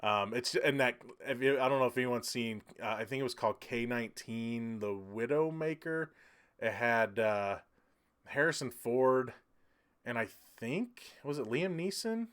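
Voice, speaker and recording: A man's voice: mid-range voice, lively intonation, a little slow, a bit bright, clean tone. A man hosting a casual livestream, rambling loosely and chuckling as he reads out viewer comments. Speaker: livestream host.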